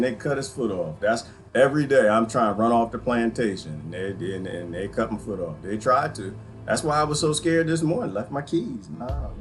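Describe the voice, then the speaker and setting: A man from the Washington DC area who hosts a livestream and rambles through a morning monologue to his viewers. He swings from loud outbursts to low muttering and laughs often. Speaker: livestream host.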